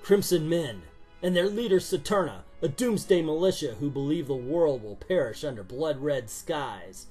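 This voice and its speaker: A man's voice: fairly high pitch, expressive, moderate pace, warm tone, slightly rough, faint music behind. A man giving a sarcastic, exasperated comic book review, swearing now and then.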